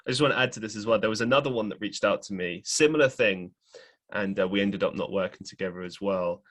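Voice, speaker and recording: A man's voice: fairly low pitch, fast talker, a bit bright. A man hosting a podcast, talking casually and frankly, with a slightly irritated, ranting manner. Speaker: podcast host.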